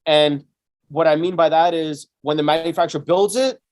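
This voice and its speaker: A man's voice: a little high, fairly even intonation, normal speed. A man, a guest on a business podcast, explaining his method step by step in casual talk, full of "right?" and "you know". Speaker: guest, Amazon seller.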